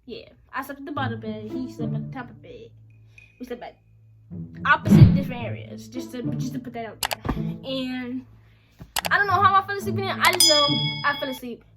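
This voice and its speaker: A young woman with a very high voice tells a storytime for her vlog, slangy and animated as she acts out what everyone said. Music plays clearly under her voice. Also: brisk. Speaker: vlogger.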